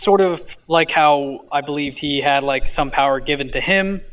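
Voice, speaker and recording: A man's voice: on the high side, moderate pace, a bit bright. A man, a podcast guest, casually retelling a dream, hesitant with many fillers and a stutter he mentions himself. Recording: tinny phone-like line.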